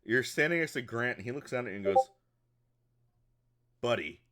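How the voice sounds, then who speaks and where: A man's voice: mid-range voice, expressive, rapid-fire, sharp tone. A man narrating as game master in a casual, rambling way with lots of fillers.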